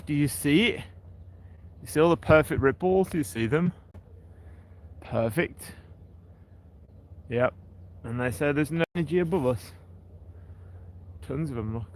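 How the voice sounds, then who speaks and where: A man's voice: on the high side, a little hiss or hum, rough recording. A man, hosting a casual walking livestream by the sea and chatting to his viewers by name. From England. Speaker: livestream host. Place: outdoors on a seaside breakwater.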